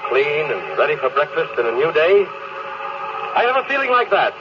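An actor playing a doomed spaceship captain, speaking in a brooding, confessional way in 1950s radio drama style. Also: male voice, on the high side, huge pitch swings, moderate pace, over music. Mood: serene. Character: doomed spaceship captain, regretful grown man falling. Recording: dull old radio recording with hiss.

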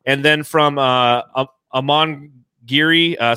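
A man's voice: on the high side, unhurried, bright, forceful tone, clean tone, no room sound, clean studio sound. An American man in his thirties hosting a fan podcast livestream, emotional and swearing freely as he reads out donations. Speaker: podcast host. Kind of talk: excited casual livestream chat.

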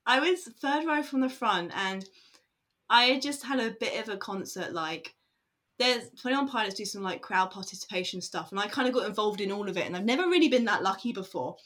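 A woman's voice: mid-range voice, animated, a little fast, a bit bright. Chatty woman with lots of fillers. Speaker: interviewee. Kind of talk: casual chat.

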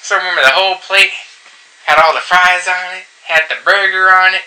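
A man visiting a podcast as a guest, chatting casually with blunt, profane, deadpan jokes. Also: sits high, a little fast, low-quality recording. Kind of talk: casual chat.

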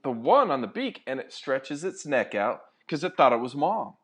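A man's voice: mid-range voice, big pitch swings, normal speed, fairly bright tone, slightly rough. A man chatting casually, laid-back and agreeable, telling a story. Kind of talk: casual chat.

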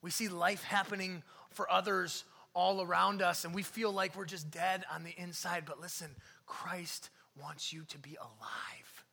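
A male pastor preaching a sermon in an animated way, swinging from loud calls to hushed near-whispers. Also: high voice, unhurried, gravelly, hardly any pauses. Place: church sanctuary. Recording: long hall reverb.

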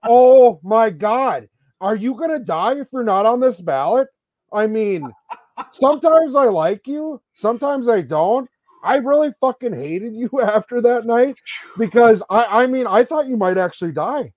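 A man's voice: extremely high pitch, expressive, moderate pace, a little mellow, no echo, highs cut off. A man co-hosting a podcast, ranting angrily with lots of swearing and mocking impressions. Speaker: podcast co-host. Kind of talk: profane ranting podcast chat.

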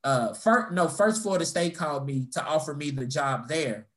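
In a relaxed chat, a young adult man with a somewhat high voice tells stories from his own life at a normal speed. His telling is animated and full of swearing, and he mimics the people he quotes.

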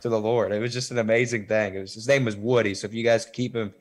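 A man's voice: fairly low pitch, steady tone, quick pace. Rambling man telling a church testimony. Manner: rambling, lots of "like" and fillers. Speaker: church member giving testimony. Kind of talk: casual storytelling.

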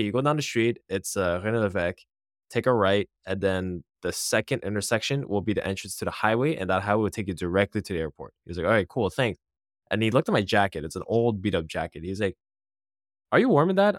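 A man's voice: on the low side, no echo, clean studio sound. A young man in his twenties on a casual podcast, telling a story with lots of laughs, saying "like" and "bro" often.

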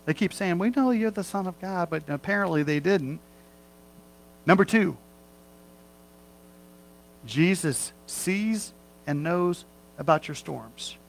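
A man's voice: sits high, animated, takes it slowly, vocal fry, pauses often, rough recording. A middle-aged man preaching a sermon as pastor, in a folksy, conversational way with humorous asides.

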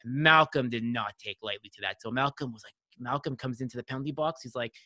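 A man who is a guest and airline pilot, telling stories in a casual podcast chat. He is animated and profane, and he acts out other people's voices. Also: mid-range voice, fast, dry recording, clean studio sound.

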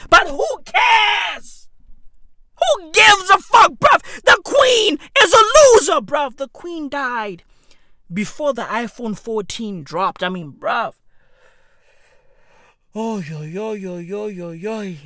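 Lady on a sweary comic rant, super lively pitch, dry close sound, mumbles then shouts. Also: dry recording. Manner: swings from low mutters to shouted outbursts; slangy and repetitive, heavy swearing. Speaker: comic ranter. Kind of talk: profane comedic rant.

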